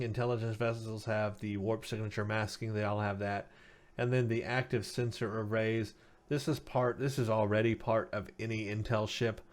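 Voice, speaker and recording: A man hosting a casual game news update who sounds tired and says he is losing his voice, talking with many ums and uhs as he reads out stats. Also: fairly low pitch. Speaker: gaming news host.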